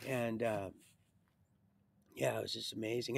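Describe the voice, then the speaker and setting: A man's voice: medium pitch, little pitch movement, a little slow, creaky, pauses often, dry recording. Rambling man telling a life story. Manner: rambling, swings between loud bursts and quiet mutters. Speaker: livestream storyteller. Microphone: streaming mic.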